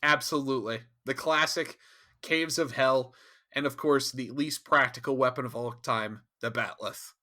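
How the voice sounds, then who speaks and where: A man co-hosting a podcast in casual chat, animated and profane, laughing often. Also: medium pitch, normal speed. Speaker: podcast co-host.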